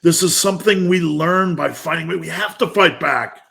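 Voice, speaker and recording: A man in his fifties delivering a profane, fired-up motivational talk. His voice sits a little higher than most men's, and he speaks bluntly, with hard-hitting swearing throughout. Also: moderate pace, gravelly, fairly bright tone. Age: 50s. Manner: intense, blunt, heavy swearing.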